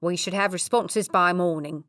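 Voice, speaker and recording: A dutiful police officer in an audiobook addressing a duke with formal deference, as a woman narrator reads him. Slightly low, dry and close. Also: steady tone, normal speed, a bit bright, no echo, close to an everyday voice.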